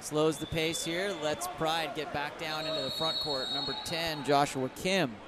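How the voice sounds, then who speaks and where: Male play-by-play commentator, slightly high voice, brisk, shouts the big plays, loud noisy venue. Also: steady tone. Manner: brisk, calls plays with sudden raised bursts. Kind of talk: live sports commentary. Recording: loud background noise.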